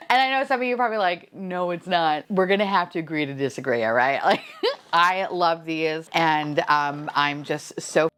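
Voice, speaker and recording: A woman's voice: lowish voice, fairly bright tone, smooth. A young adult woman chatting casually through a toy unboxing, gushing, gasping and swearing casually. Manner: gushing, gasps and squeals at each reveal, swears casually. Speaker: unboxing vlogger.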